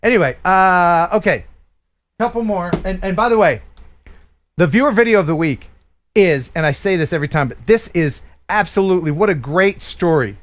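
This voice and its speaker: A man's voice: high-pitched, animated, normal speed. A man from the USA hosting a casual live stream chat, joking and restarting his sentences. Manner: chatty, joking, prone to restarts. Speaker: live stream show host.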